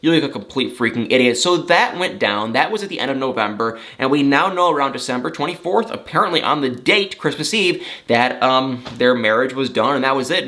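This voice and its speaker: A man's voice: medium pitch, bright, forceful tone. A young man giving an opinionated, casual recap of reality TV drama, retelling events with quoted asides. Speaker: celebrity gossip commentator.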